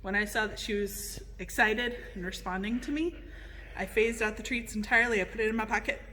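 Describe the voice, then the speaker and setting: A woman demonstrating dog training, explaining steps and calling a dog with high sing-song praise and sharp commands. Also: fairly even intonation, brisk. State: out of breath. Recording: echoey hall, faint noise.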